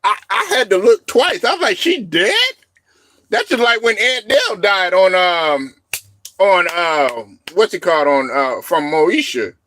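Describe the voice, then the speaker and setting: A man hosting a casual live stream, rambling and laughing often, breaking into loud shouted reactions. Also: high-pitched, animated, a little slow, no echo. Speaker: show host.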